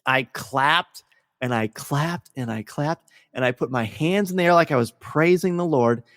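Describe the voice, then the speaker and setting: A man hosting a casual podcast discussion, gushing and excitable as he tells a story. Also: a little high, moderate pace, no room sound, clean studio sound, long reverb tail. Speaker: podcast host.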